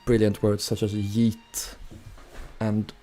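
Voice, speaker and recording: A man's voice: fairly low pitch, takes it slowly. A man with a Swedish accent, chatting casually and joking with his live-stream chat while he builds. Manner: relaxed, joking replies to chat. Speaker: Minecraft streamer. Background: music.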